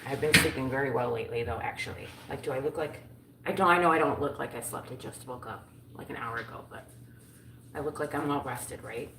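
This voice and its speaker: A woman's voice: extremely low pitch, a little fast, gravelly, noisy background. A woman hosting a casual livestream from home, chatting with viewers in a playful, self-mocking way. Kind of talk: casual chat.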